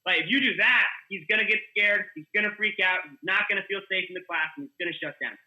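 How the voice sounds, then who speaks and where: A man, a guest coach, telling animated stories with lots of fillers in a casual podcast chat. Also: sits high, quick pace, highs cut off. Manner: animated storyteller, filler-heavy. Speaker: guest, kids jiu-jitsu coach.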